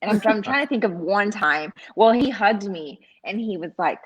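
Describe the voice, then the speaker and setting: A woman co-hosting a casual chat in a mid-pitched voice. She tells her stories with frequent laughter and a relaxed, chatty manner. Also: normal speed, husky, rough recording. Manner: laughs while telling stories.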